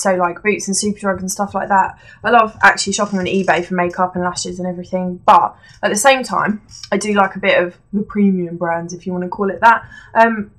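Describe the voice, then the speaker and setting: A young beauty vlogger sits on a creaky chair indoors at home, chatting casually through a product review. She rambles with fillers and self-corrections, her medium-pitched voice a bit bright.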